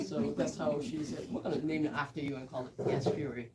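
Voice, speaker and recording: A woman's voice: low voice, fairly even intonation, fast, hardly any pauses, distant mic, a loud crowd, rough recording. A woman who blends whiskey, chatting through a live tasting and telling stories with quoted asides.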